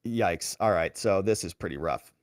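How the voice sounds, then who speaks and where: A man's voice: low-pitched, normal speed, no echo, clean studio sound. A man who works as a lawyer, reading political letters aloud and commenting on them with sarcastic, mocking asides. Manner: animated reading of quoted letters.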